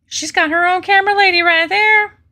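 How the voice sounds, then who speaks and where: A woman's voice: extremely high pitch, fairly even intonation, brisk, bright, forceful tone. A woman hosting a casual political commentary stream, reading news aloud with sarcastic, chatty asides to her viewers.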